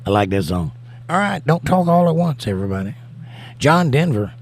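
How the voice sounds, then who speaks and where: Guitar plays in the background as this Southern-accented man, a singer hosting a laid-back livestream, reads viewers' chat messages out loud and replies with warmth. His medium-pitched voice is very animated and moves at a normal speed.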